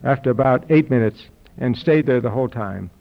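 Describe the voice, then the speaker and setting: An older man recounts a personal story in a dry, wry tone, with a voice of middling pitch for a man. The recording is dull and lo-fi. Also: brisk, gravelly. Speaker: speaker telling his health story. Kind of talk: anecdotal talk to an audience. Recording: dull lo-fi recording with audience laughter.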